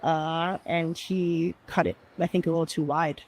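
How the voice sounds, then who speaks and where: A woman's voice: deep voice, fairly even intonation, a little slow, darkish tone. A woman describing a road accident she was in, hesitant and rambling, outdoors at a roundabout. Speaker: driver in an accident. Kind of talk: street interview.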